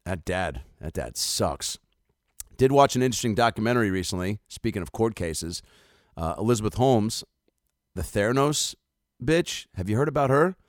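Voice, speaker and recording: A man's voice: lowish voice, big pitch swings, normal speed, dry recording, clean studio sound. A man in his thirties, a comedian riffing casually to camera in a rambling, profane, jokey way. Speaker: comedian and host.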